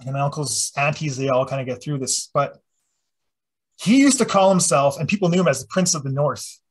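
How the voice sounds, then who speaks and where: A man presenting at a community talk, telling a story in a loose, animated, profane way. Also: a little high, brisk, slightly rough.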